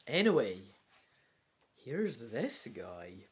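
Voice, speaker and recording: Low-voiced lady reading a gamebook, chatty, jokes at herself, pitch jumps all over. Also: big pitch swings, extremely slow. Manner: chatty, self-mocking asides, slips into whispers. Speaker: gamebook reader. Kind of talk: casual gamebook playthrough with reading aloud.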